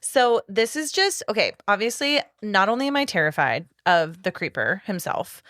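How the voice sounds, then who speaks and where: A podcast co-host chats casually and enthusiastically, swearing often and using lots of fillers. She speaks at medium pitch and a moderate pace, very animated, with a fairly bright tone.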